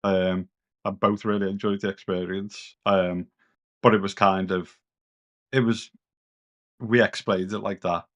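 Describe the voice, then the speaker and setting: A man's voice: sits low, flat delivery, a little slow, long pauses, highs cut off. A British man chatting casually as a co-host on a gaming podcast, rambling and a bit sweary. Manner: rambling, loose and sweary, lots of "kind of".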